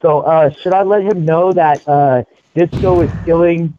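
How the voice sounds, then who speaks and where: A man co-hosting a casual online hangout show, excitable and rambling with many fillers. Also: fairly high pitch, unhurried, slight background noise. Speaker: co-host. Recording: dull lo-fi mic.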